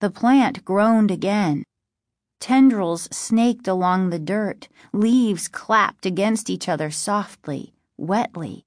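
Woman reading a spooky chapter book aloud, slow and steady, dry close sound. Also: mid-range voice, dry recording. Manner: measured, steady storytelling. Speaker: audiobook narrator. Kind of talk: scripted narration.

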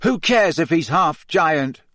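A man's voice: high-pitched, big pitch swings, unhurried, a bit bright, no room sound, studio quality, voice pushed up, exaggerated voice. A man reading aloud, voicing a hot-tempered, loyal teenage schoolboy in a raised voice. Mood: furious.

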